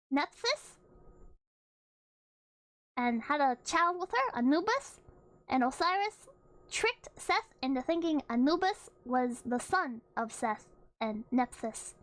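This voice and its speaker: A woman's voice: high-pitched, fairly bright tone, rough recording. A young woman streamer chatting casually and playfully, rambling with restarts and freely swearing. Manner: playful, laughs often. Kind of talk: casual livestream chat.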